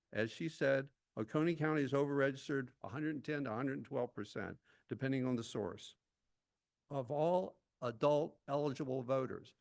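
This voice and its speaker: A man with a gravelly, creaky voice delivers a prepared public comment at a county meeting. He talks intensely and stays mid-pitched throughout, breaking off now and then for a quick aside.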